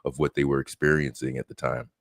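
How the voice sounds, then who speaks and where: A male podcast host with a very deep voice chats loosely and laughs at his own slip-ups. The sound is dry and close. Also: flat delivery, fast, vocal fry, dry recording. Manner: laughs at himself, loose and chatty. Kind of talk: casual chat.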